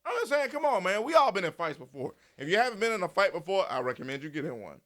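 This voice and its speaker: Guy doing a laid-back commentary vid, kinda high voice, bounces up and down a lot, swears a bunch. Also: fast. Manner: animated, repetitive, swears freely. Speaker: commentary channel host. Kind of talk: casual commentary.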